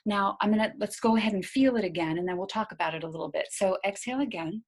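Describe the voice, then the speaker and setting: A woman leads a voice lesson with a soft, slightly breathy tone. She talks listeners through slow breaths and vowel shapes in a calm coaching manner. Her pitch sits in an ordinary middle range. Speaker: singing teacher. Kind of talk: guided voice lesson.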